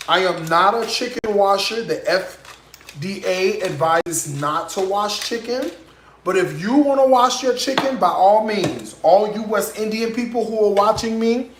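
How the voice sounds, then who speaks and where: A man hosting a live cooking show, talking sassily and directly to his viewers and checking in with them often. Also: high-pitched. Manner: sassy, chatty, addresses viewers directly, frequent "okay?" tags. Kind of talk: live cooking demonstration with sales pitch. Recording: echoey room with faint noise.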